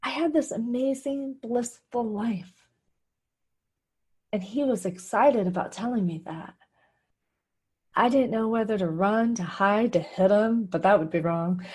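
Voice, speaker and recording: Middle-aged woman host, husky and breathy, candid personal storytelling with laughs. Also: a little high, measured pace, pauses often, darkish tone. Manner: candid, confessional, with frequent laughs. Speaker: radio show host.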